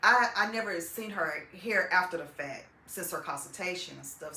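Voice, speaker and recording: A woman giving a heartfelt, halting testimonial about her mother's treatment, holding back tears as she speaks. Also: fairly low pitch, animated, pushed and bright. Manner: heartfelt, halting, with many "um"s and "I just". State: tearful, holding back emotion. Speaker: client's daughter giving a testimonial. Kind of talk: personal testimonial. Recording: echoey room.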